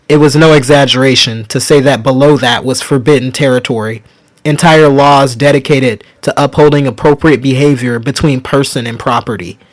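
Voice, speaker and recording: A man narrating a story in the first person, in a measured and intimate manner. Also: medium pitch, rough recording. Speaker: audiobook narrator.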